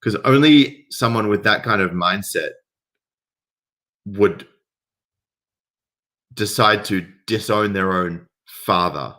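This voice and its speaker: Bright-toned man ranting. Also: on the low side. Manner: swearing, rants loudly in bursts. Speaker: commentary host reading stories. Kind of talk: casual reaction commentary.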